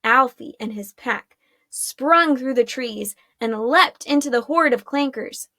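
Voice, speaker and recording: A woman narrating a chapter of a fantasy story in a steady storytelling manner. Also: sits high, measured pace, no room sound, studio quality. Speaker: audiobook narrator. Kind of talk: scripted narration.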